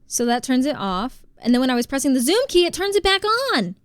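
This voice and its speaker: A woman from New Jersey, live streaming and chatting casually while she plays, reading out and thanking her chat, quick to exclaim. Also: high-pitched, very animated, clean tone, no room sound.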